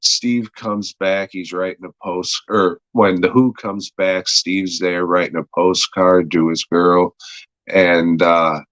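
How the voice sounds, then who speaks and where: Slow, deep-voiced man recapping crudely. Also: little pitch movement, fairly bright tone, no echo, highs cut off. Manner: rambling, crude, heavy swearing, lots of uh. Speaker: podcast host reviewing an episode. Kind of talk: casual plot recap.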